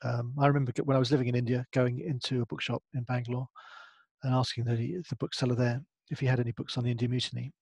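A man's voice: medium pitch, little pitch movement, quick pace, creaky, darkish tone, husky, no echo. Hesitant man giving a talk. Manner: hesitant, many ums and restarts. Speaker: family history expert. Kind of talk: online presentation.

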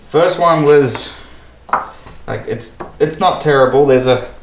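A man's voice: fairly high pitch, takes it slowly. Easygoing Australian man in an echoey shed. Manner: thinking aloud, self-critical, easygoing. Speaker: boat builder vlogger. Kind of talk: casual workshop commentary. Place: boat shed workshop. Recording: echoey workshop, faint background noise.

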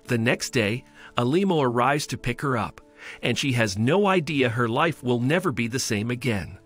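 A man giving scripted story narration in an even, steady way. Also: medium pitch, normal speed, breathy edge. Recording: faint music bed.

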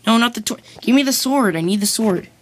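A gamer chatting casually during a co-op game, bossy and teasing, breaking into excited whoops. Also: medium pitch, fairly quick, breathy edge. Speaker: let's play gamer. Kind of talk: casual co-op gaming chat.

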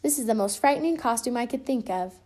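A woman's voice: fairly high pitch, animated, fast, darkish tone. A woman voicing a fussy, particular male rabbit in a read-aloud storybook. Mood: fretful. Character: fussy male rabbit, proud of his costume.

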